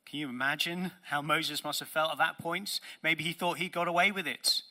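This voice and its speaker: Bright-voiced man preaching earnestly. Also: on the high side, steady tone, moderate pace. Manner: earnest, emphatic preaching with rhetorical questions. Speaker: pastor. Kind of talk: sermon.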